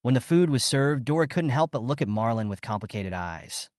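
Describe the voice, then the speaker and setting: A man reading a story recap as scripted narration, in a lively storytelling way. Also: mid-range voice, a little fast, dry recording, studio quality.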